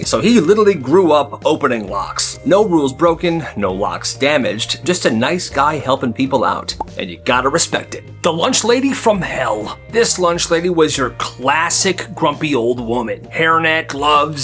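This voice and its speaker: A young man spins comic school stories over faint music, his voice sitting a little high and bouncing lively up and down. He is animated, and he keeps breaking into quick character voices. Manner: animated, switching between narration and quick voices. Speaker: storyteller. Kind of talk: comedic storytelling with character voices.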